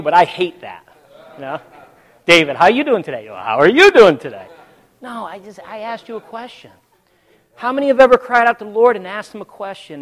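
A man preaching a sermon to his congregation, telling a story dramatically and swinging between hushed and loud, calling out to the listeners. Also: high-pitched, big-room sound. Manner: addresses the congregation directly.

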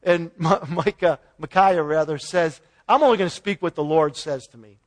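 Guy with a high voice telling a bible story casual-like, chuckling as he goes. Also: moderate pace. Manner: folksy retelling with paraphrased dialogue and chuckles. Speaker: preacher. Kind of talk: informal Bible teaching.

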